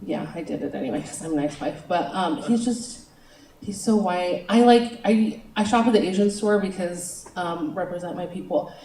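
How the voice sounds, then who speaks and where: A woman's voice: lowish voice, normal speed, dark tone, distant mic, a little hiss or hum. A young woman doing a stand-up comedy set, chatty and self-mocking, giggling between lines. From United States. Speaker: stand-up comic. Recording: roomy venue, picked up from afar.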